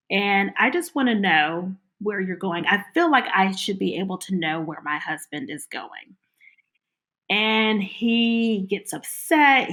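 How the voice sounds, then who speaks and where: A woman telling her own story in an interview, animated and laughing as she recounts it. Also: medium pitch, poor audio.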